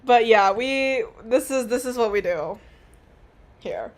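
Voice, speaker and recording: A woman's voice: fairly high pitch, slow. A young woman streaming a game, talking in a casual, rambling, self-mocking way with some swearing. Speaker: gaming streamer. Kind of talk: casual let's-play commentary.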